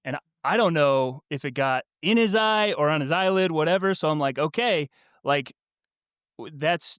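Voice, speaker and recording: A man's voice: fairly high pitch, normal speed, fairly bright tone, smooth, no room sound, studio quality. A man co-hosting a book podcast, telling a family story in casual chat with frequent laughs. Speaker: podcast co-host.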